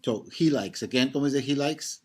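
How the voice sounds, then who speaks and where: A man's voice: medium pitch, brisk, breathy edge. A man teaching a Spanish grammar class, patiently explaining, quizzing his students and often checking in with "right?".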